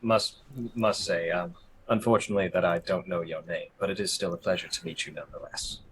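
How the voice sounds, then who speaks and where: A man's voice: sits low, fairly quick, fairly bright tone, a little hiss or hum, rough recording. A man voicing a polite, formal vampire guest in a tabletop game. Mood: courteous.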